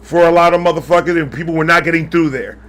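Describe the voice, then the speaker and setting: Bright-voiced man in casual podcast chat. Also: fairly high pitch, steady tone, fast talker. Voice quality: profane, joking, slangy. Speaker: podcast co-host.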